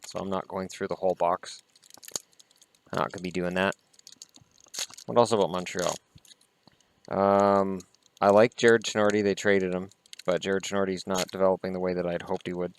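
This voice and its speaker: A man's voice: low voice, flat delivery, moderate pace, long pauses, a little hiss or hum. A man hosting a casual vlog, chatting in an opinionated way and swearing mildly as he opens trading cards. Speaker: hockey vlogger. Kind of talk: casual card-opening vlog chat.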